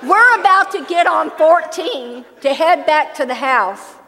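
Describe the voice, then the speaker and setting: High, unhurried older woman preaching. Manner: humorous, lively storytelling with laughter. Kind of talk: storytelling sermon. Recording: long hall reverb.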